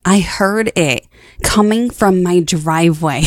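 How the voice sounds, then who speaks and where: A woman radio host in her thirties tells an animated on-air story and laughs as she talks. Her voice sits a little low and sounds close and dry at a studio mic. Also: moderate pace, dry recording. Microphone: studio microphone.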